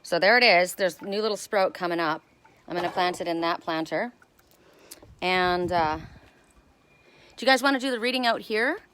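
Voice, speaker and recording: Recording on a phone camera outdoors, a middle-aged oracle card reader chats to her live-stream viewers in a friendly, rambling fashion as she reads the cards. She speaks at normal speed with frequent pauses, in a lowish, fairly bright voice.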